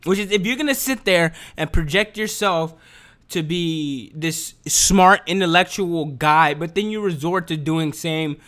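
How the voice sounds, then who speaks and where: Slightly high, a bit bright and a little slow, the voice belongs to a young commentator ranting casually to camera. He is profane and slangy, repeating words and restarting often.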